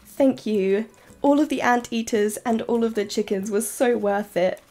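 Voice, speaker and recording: A woman streaming a game live, chatting casually and giggling, with bursts of excited squeals. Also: on the high side, a little slow. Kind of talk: casual live-stream chat while playing.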